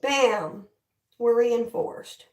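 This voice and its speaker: Young woman, livestream host, casual hair-styling chat, frustrated, swears a lot, highish voice, roomy echo. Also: extremely slow, a little mellow, recorded from a distance. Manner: frustrated, swearing, talking to viewers. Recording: echoey room, voice off-mic.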